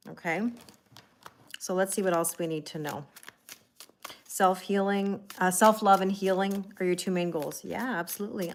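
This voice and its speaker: A woman's voice: mid-range voice, slight background noise. A woman hosts a casual livestream tarot reading in an ordinary mid-range voice. She rambles and chats with viewers by name. Her talk is full of "like" and restarts. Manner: heavy use of "like" and restarts. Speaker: tarot reader.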